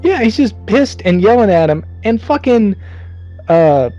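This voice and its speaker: A man's voice: sits high, sing-song, unhurried, mellow, lo-fi sound, faint music behind. A man co-hosting a podcast, retelling a movie in casual chat, swearing freely and putting on mocking voices for the characters. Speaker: podcast co-host.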